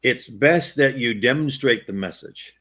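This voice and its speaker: A man's voice: medium pitch, measured pace, fairly bright tone. A man taking part in an online class. He reads a passage aloud and then adds his own earnest comments. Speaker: class participant reading aloud. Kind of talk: reading a text aloud and commenting.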